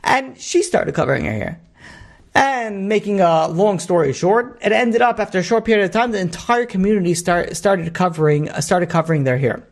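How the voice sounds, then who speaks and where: Rabbi telling a story. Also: male voice, high-pitched, animated, normal speed. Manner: rambling, many asides and restarts. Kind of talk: storytelling sermon.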